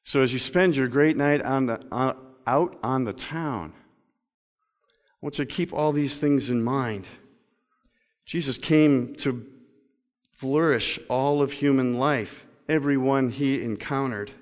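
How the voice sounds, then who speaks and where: A male pastor delivering a sermon, moving between loud emphatic stretches and slow, quiet reading. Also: mid-range voice. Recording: long reverb of a large hall.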